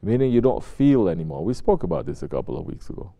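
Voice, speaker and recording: A man's voice: fairly low pitch, big pitch swings, fast talker, gravelly, warm tone, muffled recording. A man giving a spiritual sermon as a Sufi sheikh, talking conversationally and asking his listeners rhetorical questions. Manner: conversational, asks rhetorical questions and acts out quotes.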